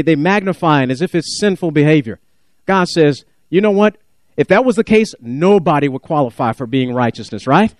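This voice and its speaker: A man preaching a sermon, animated, acting out biblical speakers and asking the congregation questions. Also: sits high, no room sound, clean studio sound. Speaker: pastor.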